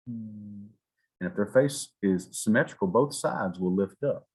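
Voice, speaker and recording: Man, EMS instructor, deep and low, husky voice, folksy classroom lecture. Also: measured pace. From South Georgia. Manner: folksy, animated, acts out patient exchanges.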